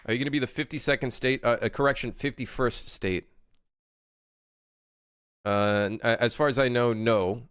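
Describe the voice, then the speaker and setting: A man's voice: mid-range voice, fairly even intonation, normal speed, long pauses, a bit bright, smooth, dry recording, studio quality. A man in his late twenties, a game developer chatting casually on a livestream as he works, reading chat aloud and rambling with plenty of swearing. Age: late 20s.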